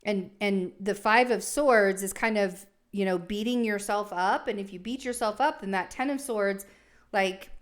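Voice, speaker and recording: A young adult woman with a mid-range voice at moderate pace gives a casual tarot reading. She rambles reassuringly, thinking aloud with many fillers and restarts.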